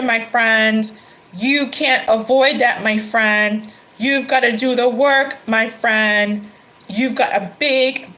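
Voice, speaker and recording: Tarot reader, woman, middle-aged, a bit high-pitched, emphatic and repetitive, faint hiss behind. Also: fairly bright tone, rough recording. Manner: emphatic, repeats phrases, exclaims. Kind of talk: tarot reading to camera.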